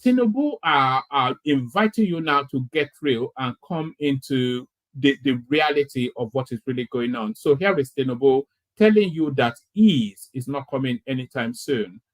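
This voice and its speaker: A man's voice: medium pitch, expressive, moderate pace. Stammering male commentator. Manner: stammering, repeats words. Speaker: commentator host. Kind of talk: live commentary.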